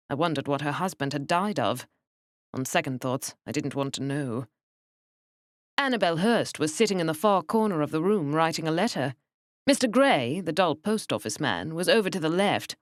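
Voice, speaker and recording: A woman narrating a mystery audiobook in a measured, wry manner. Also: sits low, no room sound, clean studio sound. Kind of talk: scripted narration.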